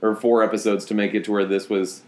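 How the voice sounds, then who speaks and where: A man's voice: fairly low pitch, flat delivery, quick pace. Teasing man in an echoey room. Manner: teasing, laughs often, dry quips. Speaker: podcast host. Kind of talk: casual sports chat.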